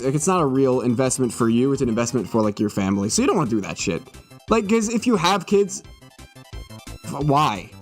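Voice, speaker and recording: Animated joking male streamer, slightly tipsy. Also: on the high side. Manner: joking, swearing, mock-serious. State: a little tipsy. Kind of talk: comedic live-stream monologue.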